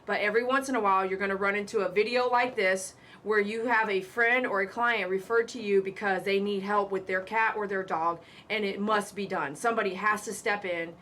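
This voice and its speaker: A woman's voice: medium pitch, fairly even intonation, brisk, hardly any pauses, fairly bright tone. A woman who works as a pet groomer, hosting a live stream in a casual, emphatic way and repeating her warnings with chatty asides.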